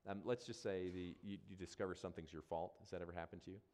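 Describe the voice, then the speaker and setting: A man's voice: low voice, fairly even intonation, fast talker, darkish tone, long reverb tail. A man preaching a sermon as a pastor, talking conversationally and repeating phrases for emphasis.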